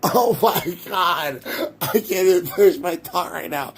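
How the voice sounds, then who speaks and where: A man ranting on a livestream, swearing freely and cracking himself up as he goes. His voice sits on the higher side, and there's a faint hiss of ambience behind him. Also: measured pace, vocal fry. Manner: profane ranting, keeps breaking into laughter. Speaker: livestream host.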